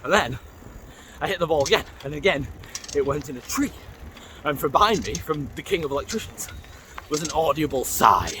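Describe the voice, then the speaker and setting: A man rambles through a story while out on a bike, swearing freely and nodding hellos to people he passes. His voice sits a little high for a man, and a faint hum of the outdoors runs underneath. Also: expressive, brisk, long pauses, bright, forceful tone. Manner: greets passers-by mid-sentence. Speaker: vlogger. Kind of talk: casual storytelling while cycling. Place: outdoors on a canal towpath, riding a bike.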